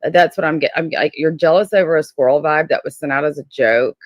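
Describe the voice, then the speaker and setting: A woman's voice: sits low, a little fast, no echo. A woman hosting a casual livestream, talking bluntly and defensively with lots of "like" fillers. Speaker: livestream host.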